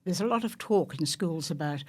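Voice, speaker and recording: A woman with a fairly low voice interviews a radio host, firing off eager questions. She talks briskly and cuts in now and then, quickly apologizing, sounding keen to cover a lot of ground. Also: animated, a little mellow. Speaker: guest interviewer. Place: radio studio.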